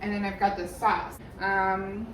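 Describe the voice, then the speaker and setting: A young woman hosts her vlog in a friendly, upbeat, casual way. Her voice sits at an ordinary middle pitch, a little distant in an echoey room. A faint hiss sits under it. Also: little pitch movement, a little slow. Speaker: vlogger, channel host.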